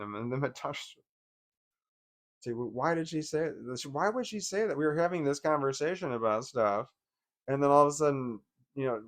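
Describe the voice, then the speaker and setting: A man talking in a casual personal monologue, swearing often, venting with restarts and bursts of laughter. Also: fairly high pitch. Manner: profane, rambling, with frequent restarts and laughs; agitated, venting. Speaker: vlogger.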